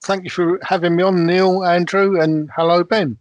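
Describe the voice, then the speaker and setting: A man as a guest medium on an online panel, speaking in a relaxed way with plenty of fillers. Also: sits high, normal speed, dry recording, muffled recording.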